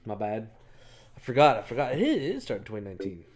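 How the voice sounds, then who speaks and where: Chill guy w a lowish voice, cusses easy, laughs a lot, casual chat. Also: very animated, fast talker, a little mellow. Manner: laid-back, laughs often, swears casually. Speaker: co-host.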